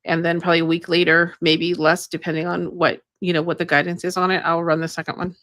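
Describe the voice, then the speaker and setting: A woman's voice: fairly low pitch, flat delivery, fast, fairly bright tone, no echo, clean studio sound. A woman co-hosting a casual live stream about energy healing, rambling with many fillers. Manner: rambling, many ums and you-knows. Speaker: co-host, energy healer.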